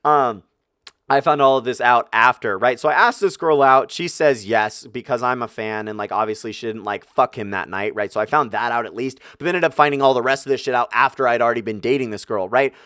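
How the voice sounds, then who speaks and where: Fast-talking, foul-mouthed young man ranting. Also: mid-range voice, sharp tone, clean tone, no echo, studio quality. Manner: profane, ranting, acts out his own outbursts. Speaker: vlogger. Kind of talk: casual storytelling.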